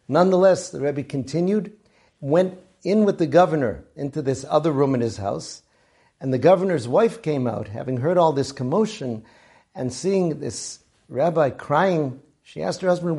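A man hosting a weekly storytelling show, narrating in an earnest, measured way and using Hebrew and Yiddish terms. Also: medium pitch, dark tone, husky. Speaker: storyteller host.

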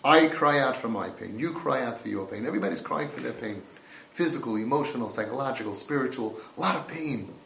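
A man giving an impassioned sermon, swinging between hushed and loud delivery. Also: mid-range voice, expressive, brisk, gravelly, slight background noise. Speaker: religious speaker. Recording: roomy echo.

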